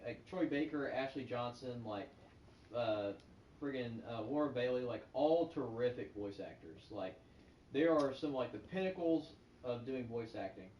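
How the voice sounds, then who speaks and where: A man's voice: medium pitch, a little mellow, distant mic. A man rambles through a casual chat about games, filling gaps with "like". He sits back from the mic in an echoey room. A faint hiss sits under his voice. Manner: rambling, heavy on filler "like". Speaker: guest.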